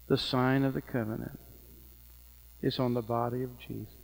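A man's voice: mid-range voice, flat delivery, normal speed, creaky, poor audio. A middle-aged man preaching a sermon, telling stories with rising fervor. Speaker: pastor.

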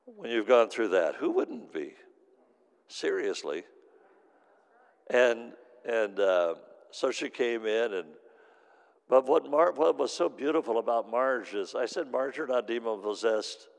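Storytelling pastor preaching in a reverberant hall. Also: male voice, mid-range voice, expressive, measured pace, gravelly. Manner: storytelling, swings from hushed to loud. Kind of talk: sermon.

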